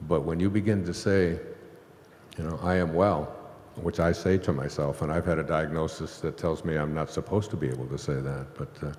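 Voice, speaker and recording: A man's voice: a bass voice, steady tone, fairly quick, a little mellow. A man telling a long, rambling spiritual story on stage to a live audience, laughing now and then. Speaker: host. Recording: echoey hall.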